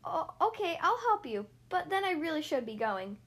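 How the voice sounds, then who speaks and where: A woman's voice: very high voice, big pitch swings, normal speed, a bit bright, pitched above the performer's own voice, heavily acted. A woman reading aloud, voicing a tiny shy female mermaid who talks primly and stammers.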